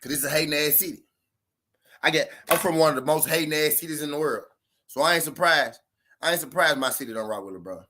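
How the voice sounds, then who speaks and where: A man's voice: a little high, fast talker, sharp tone. A man from Memphis, hosting casual sports talk in a profane, argumentative, repetitive way. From Memphis, Tennessee.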